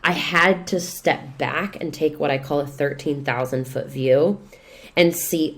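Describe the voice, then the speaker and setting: A woman, a real estate investor and coach, talking as a podcast guest in lively, expressive storytelling. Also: low voice, measured pace. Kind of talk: casual podcast conversation.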